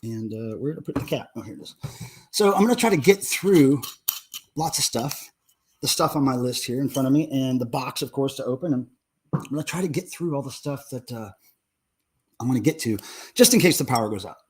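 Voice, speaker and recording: A man's voice: medium pitch, expressive, a little fast, breathy edge. A man hosting a casual live stream from home, greeting chat viewers one by one with lots of fillers.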